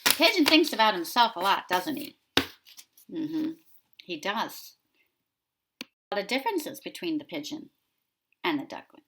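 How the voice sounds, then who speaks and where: A woman preschool teacher discussing a picture book with young children, asking them gentle questions. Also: on the low side, sing-song, measured pace, pauses often, slight background noise.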